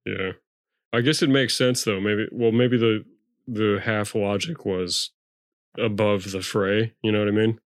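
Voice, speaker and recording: A man's voice: on the low side, steady tone, measured pace, no echo. A young man co-hosting a podcast in casual chat, dry and skeptical in his remarks. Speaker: podcast co-host.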